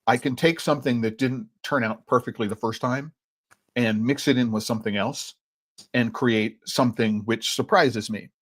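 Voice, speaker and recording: A man hosting a podcast tasting, talking loosely and often ending thoughts with "right?" as he chews. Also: mid-range voice. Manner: rambling, frequent "right?" tag questions; talks while chewing chocolate. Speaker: podcast host and chocolate educator. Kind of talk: conversational tasting commentary.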